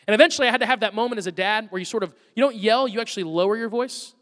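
A man's voice: high voice, rapid-fire, hardly any pauses, fairly bright tone. A middle-aged man preaching a sermon as a pastor, conversational and then building to emphatic bursts. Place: church hall. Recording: live sermon with long hall reverb.

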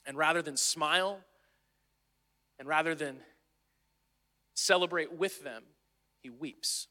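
A man's voice: fairly high pitch, takes it slowly, sharp tone. A man preaching a sermon in an earnest, conversational way, sometimes restarting his phrases. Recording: long hall reverb.

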